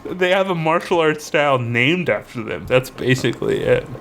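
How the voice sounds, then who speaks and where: A man co-hosting a casual podcast chat, animated and laughing, slipping into silly voices. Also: on the high side, normal speed, slight background noise. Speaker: podcast co-host.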